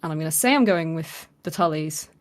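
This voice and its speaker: This woman's voice sits low and moves briskly as she co-hosts a podcast. Telling a story in easygoing chat, she animatedly acts out the quoted lines, peppered with many fillers.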